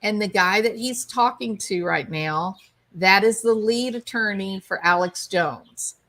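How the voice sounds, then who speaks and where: A woman's voice: mid-range voice, unhurried, a bit bright. A woman hosting a casual video commentary, chatty and amused as she explains a clip. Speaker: commentary show host.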